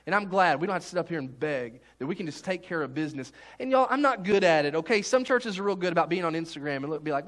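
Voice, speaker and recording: A man's voice: high voice, animated, fast, fairly bright tone. A man preaching a sermon as pastor, in a folksy, conversational way with many restarts.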